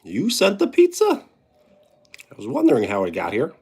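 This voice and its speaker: Man, new york accent, live streamer at home, husky tone, lively pitch. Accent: New York (Brooklyn / Long Island). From New York, USA. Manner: slow, unhurried, answers chat questions with dry humor. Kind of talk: casual live-stream chat, reading comments.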